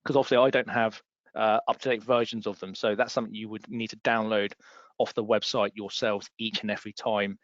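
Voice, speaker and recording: A man's voice: on the low side, flat delivery, brisk, fairly bright tone. A man presenting a webinar on landlord rules, explaining patiently and repeating key points for emphasis. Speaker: property law trainer. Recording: dull lo-fi dry sound.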